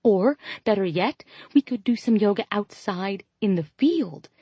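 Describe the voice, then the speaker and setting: A woman narrator voicing an eager, bubbly young woman in an audiobook, high and gushing with excitement. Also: measured pace, dry recording. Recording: slightly dull lo-fi audio.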